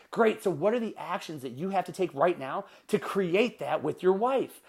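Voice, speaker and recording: A man with a fairly high voice delivers a motivational podcast monologue as its host. He talks with energy and drives his points home with repeated rhetorical questions. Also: animated, normal speed, vocal fry, few pauses. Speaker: podcast host and life coach.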